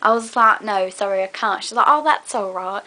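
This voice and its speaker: A young woman talks casually to a fellow vlogger in a put-on British accent. Her voice is bright and clear, sitting in a middle pitch for a woman. She rambles along with plenty of fillers. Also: normal speed. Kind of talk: casual chat to a collab partner.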